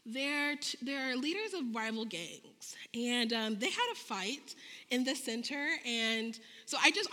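A woman in her thirties giving a sermon full of stories, acting out conversations with lively jumps in her voice. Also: moderate pace. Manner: animated, acts out dialogue with big pitch jumps. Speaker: preacher. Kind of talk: sermon with storytelling. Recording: long reverb of a large hall.

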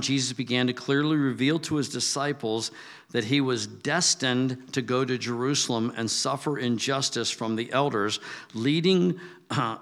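A man's voice: mid-range voice, a bit bright, big-room sound. An older man giving a casual Bible teaching, chatty, with asides and restarts. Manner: conversational, restarts and asides, acts out quotes.

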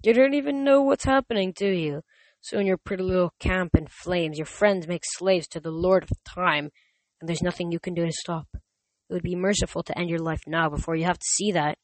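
A centuries-old demon cheerleader taunts her prey with a sneer, as the reader of this audiobook puts her on. Cruel and mocking, she speaks from a small, dry-sounding space. Her pitch sits in the middle range. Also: moderate pace, no echo, close to an everyday voice, low-quality recording. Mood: taunting. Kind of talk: audiobook reading.

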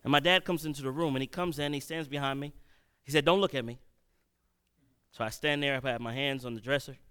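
A man preaching a sermon, telling a personal story and swinging between loud and hushed delivery. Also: mid-range voice, steady tone, quick pace, smooth.

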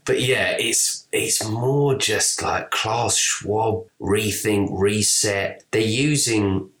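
A man co-hosting a podcast, speaking casually and with energy. His voice sits low, and he swears and laughs often. The sound is roomy and echoing. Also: drawn-out words. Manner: animated, swearing, laughing, reads quotes aloud. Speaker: podcast co-host. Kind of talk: casual conspiracy podcast chat.

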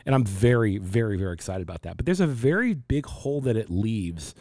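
A man in his forties talking about faith and grief in a reflective, halting way, often restarting his sentences. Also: fairly low pitch, animated, darkish tone, no room sound, clean studio sound. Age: 40s. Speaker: pastor. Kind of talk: casual faith discussion.

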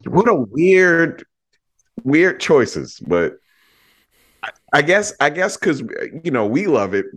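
A man talking casually and excitedly about a favorite movie on a podcast, with some swearing. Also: fairly high pitch, takes it slowly, long pauses. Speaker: podcast co-host. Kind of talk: casual film discussion.

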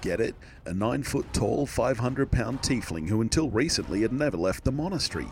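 A man's voice: medium pitch, animated, fairly quick, darkish tone, a little hiss or hum. A man introducing his tabletop game character with wisecracking humor. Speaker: player.

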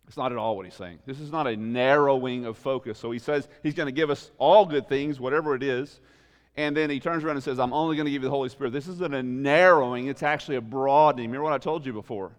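Animated preacher man, big hall echo. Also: on the high side. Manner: animated preaching with rhetorical questions; swings between loud emphasis and quiet asides. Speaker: pastor. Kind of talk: sermon.

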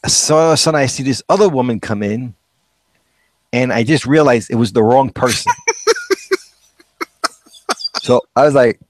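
A man's voice: mid-range voice, no echo. A man co-hosting a casual chat, telling anecdotes with chuckles and acting out quoted voices. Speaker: co-host.

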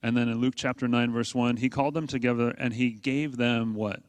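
A man's voice: medium pitch, steady tone, a little fast, dry recording. A man preaching a sermon to his congregation in a conversational way, asking rhetorical questions and leaning hard on key points. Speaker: pastor.

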